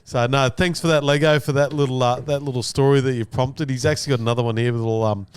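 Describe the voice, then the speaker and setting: A man's voice: mid-range voice, fairly even intonation, fast talker, clear, resonant tone, no echo. A man co-hosting a podcast, chatting in a laid-back, friendly way. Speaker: podcast co-host. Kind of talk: casual chat and ad read.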